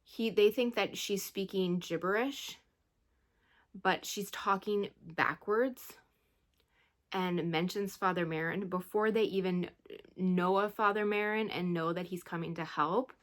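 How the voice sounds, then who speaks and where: A woman with a lowish voice and a slow pace gives a casual book review chat in her vlog. She sighs as she retells the book in a rambling, emotional way.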